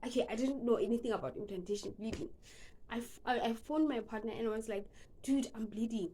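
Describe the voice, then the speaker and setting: A woman's voice: on the high side, quick pace, dark tone, a little hiss or hum. A young woman from South Africa with a South African accent, telling a personal story in an earnest, emotional vlog style and slipping into casual asides. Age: young adult. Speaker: vlogger.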